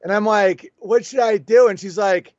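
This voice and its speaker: A man's voice: high-pitched, normal speed, dry recording, dull audio. A man talking as a guest on a show, telling a story animatedly and acting out both sides of the conversation. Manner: animated, storytelling with quoted back-and-forth. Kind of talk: casual conversational interview.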